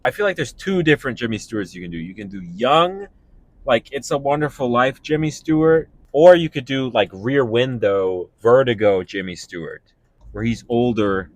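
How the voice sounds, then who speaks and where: A young man, a stand-up comedian, talking casually and animatedly while driving, breaking into laughs and quick voices. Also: medium pitch, no echo. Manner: animated, laughing, jumping into impressions. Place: car.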